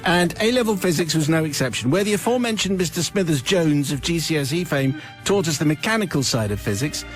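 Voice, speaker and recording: Radio host guy reading out a letter, a bit higher voice, wry and theatrical, faint music underneath. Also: animated, fast talker. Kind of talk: reading a listener's confession letter aloud. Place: radio studio. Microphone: studio microphone.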